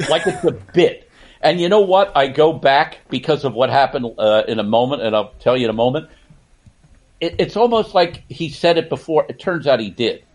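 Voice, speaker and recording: An older man, a sportswriter guest on a podcast, telling stories in a casual interview and laughing as he goes. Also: on the high side.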